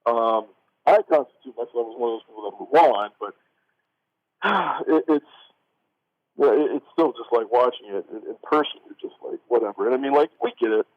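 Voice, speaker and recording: A man's voice: mid-range voice, lively intonation, moderate pace. A man co-hosting a casual sports radio talk show, rambling with lots of restarts and fillers, heard over a tinny phone line. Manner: rambling, many restarts and "like", laughs often.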